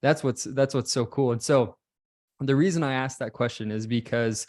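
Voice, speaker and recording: A man's voice: mid-range voice, a little mellow. Upbeat man hosting an interview. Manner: enthusiastic, frequent quick affirmations. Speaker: interview host and real estate coach. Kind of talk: conversational interview. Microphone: video call.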